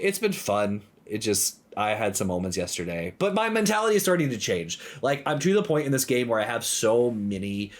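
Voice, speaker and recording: A man co-hosting a podcast, telling gaming stories in an animated way, full of "like" fillers. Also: mid-range voice. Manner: animated storytelling with many "like" fillers. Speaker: podcast co-host. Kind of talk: casual chat.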